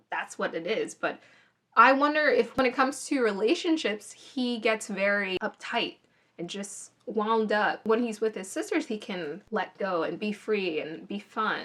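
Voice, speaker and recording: Woman talking over a tv episode, kinda high voice, opinionated, lots of restarts, phone recording. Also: fairly bright tone. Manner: chatty, opinionated, thinks aloud with restarts. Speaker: reality TV reviewer. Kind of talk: casual opinion commentary.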